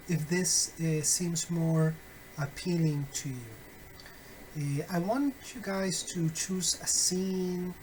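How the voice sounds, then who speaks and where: A man teaching phonetics in a recorded online lesson, deliberate and full of fillers and self-corrections, with wry, friendly asides to his students. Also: fairly high pitch, a little mellow, slight background noise, low-quality recording.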